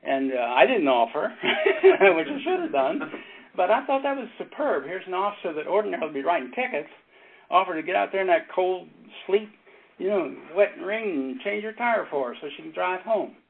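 A pastor and former Navy chaplain teaching a casual Bible study, telling stories in a rambling way, with halting restarts and frequent chuckles. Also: male voice, high-pitched, very animated, vocal fry. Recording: tinny phone-like sound with faint noise.

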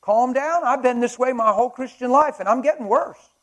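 Fiery high-voiced male preacher. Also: brisk. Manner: impassioned, swinging between shouts and hushed asides; laughs and chats with the audience. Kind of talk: fervent sermon. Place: men's breakfast at a conference.

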